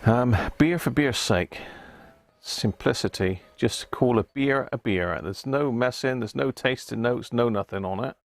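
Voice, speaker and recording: A chatty British man hosts a casual live stream at home, his voice gravelly with a touch of fry. He sits at a middle pitch, laughs often and thanks viewers as he goes. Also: a little slow, no room sound. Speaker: livestream host.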